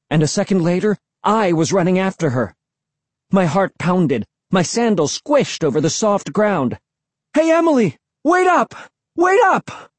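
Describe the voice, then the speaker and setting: A man narrating a first-person suspense story, reading expressively and dropping to a hush for tense moments. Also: a little high, no room sound. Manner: expressive, hushed for suspense, raised for shouts. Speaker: audiobook narrator.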